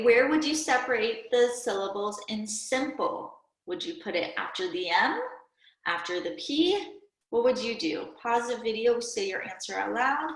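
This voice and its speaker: Woman teacher for a kids' video lesson: slow, careful, slightly high voice, recorded in a roomy echo. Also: a bit bright. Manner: slow, clear, patient classroom delivery with prompts to pause. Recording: echoey room.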